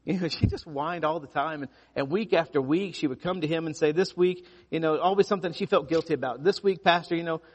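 A pastor preaching a sermon, telling stories with lively emphasis and frequent restarts. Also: male voice, fairly high pitch, quick pace, few pauses, slightly rough, big-room sound. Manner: animated storytelling with repeated restarts.

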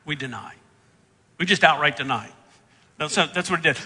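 A man preaching a sermon, reading scripture and acting out the characters' lines with big jumps in pitch and loudness. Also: fairly quick, slightly rough, big-room sound. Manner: acts out the Bible characters' lines with big swings in pitch and volume. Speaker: pastor.

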